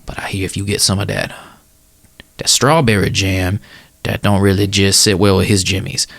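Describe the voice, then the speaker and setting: A man voicing a folksy Southern informant, Pete Pan, in a put-on American Southern drawl with a gravelly voice. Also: low voice, level tone, normal speed, a bit bright, no room sound, heavily acted. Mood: sly, conspiratorial.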